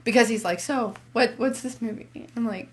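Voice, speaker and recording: A woman's voice: fairly high pitch, normal speed. A woman co-hosting a podcast, chatting casually about movies and acting out conversations with her husband. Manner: animated storyteller acting out conversations. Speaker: podcast co-host.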